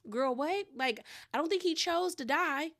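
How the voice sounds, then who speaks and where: A woman's voice: high-pitched, a little slow, a bit bright. A woman from the Southern US with a Southern accent, recapping a reality TV episode in a chatty way and acting out quotes with voices. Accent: Southern American. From Southern United States.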